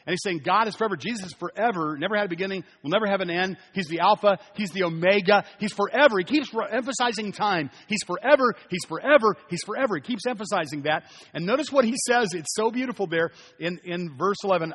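A man with a high voice preaches to his congregation, pressing his points by repeating them and asking questions aloud. His voice rings out with a long reverb in a large church hall. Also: quick pace, a bit bright, breathy edge. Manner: emphatic, repeats key phrases, asks the congregation questions. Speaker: pastor. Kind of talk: sermon.

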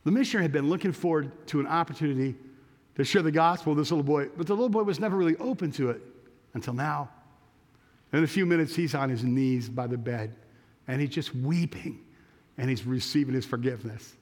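A male pastor telling a story during a sermon, animated and with frequent restarts. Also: on the high side, a little fast. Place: church sanctuary. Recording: long church reverb.

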